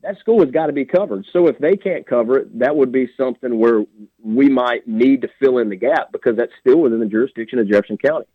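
Speaking fast in a mid-range voice, this man is a sheriff candidate calling in as a radio guest. He talks bluntly and plainly with a drawl. The tinny phone line leaves the sound completely dry, with no sense of a room.

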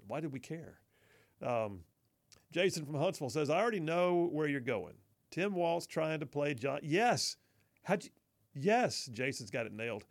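A man hosts a talk radio show in a casual, wry manner. His voice sits a touch high and has a gravelly edge. He reads listener texts and laughs along with them.

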